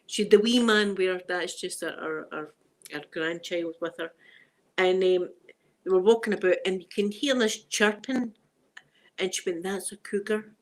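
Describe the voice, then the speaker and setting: A woman's voice: fairly low pitch, measured pace. Scottish woman, live-stream host, rambling chatty delivery, laughs easily. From Scotland. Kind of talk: casual chat with live viewers.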